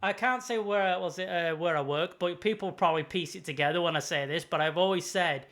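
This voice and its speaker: A man's voice: high voice, a little fast, fairly bright tone. A man, co-hosting a podcast in crude, joking casual chat. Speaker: podcast co-host.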